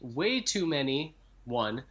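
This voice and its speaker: Bright-voiced young man, excitable podcast chatter. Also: mid-range voice, slow. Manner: excitable, blunt, swears for comic effect. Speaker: podcast co-host. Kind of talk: casual chat.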